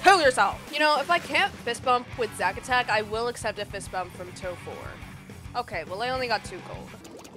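Girl gamer w a high voice, hyper and yelling fake threats, loud game music underneath. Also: moderate pace. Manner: excitable, playful mock-angry outbursts. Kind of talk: gameplay commentary.

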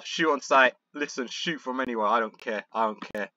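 A young man commentating on a football management game, frustrated and excitable, muttering one moment and shouting the next. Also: medium pitch, a little fast, muffled recording, a little hiss or hum. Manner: frustrated, excitable, swings between muttering and outbursts. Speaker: gaming YouTuber.

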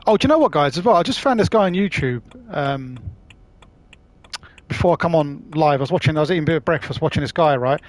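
A man's voice: on the high side, animated, quick pace, no room sound. A man chatting casually on a live stream while playing, laughing often and swearing freely.

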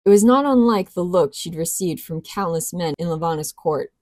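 Woman reading a story aloud, low voice. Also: expressive, normal speed, darkish tone, no echo, clean studio sound. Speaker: audiobook reader. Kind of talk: storybook narration.

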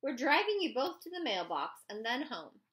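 A woman's voice: high-pitched, very animated, normal speed, voice pushed up. Audiobook: woman voicing a barking, suspicious female officer. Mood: stern. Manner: barking, sharp. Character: stern suspicious female small-town police officer.

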